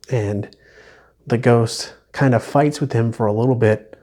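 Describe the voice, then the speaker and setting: A man giving a casual book review on video, speaking haltingly with frequent restarts. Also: medium pitch, fairly even intonation, mellow. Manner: halting, with many restarts and small laughs.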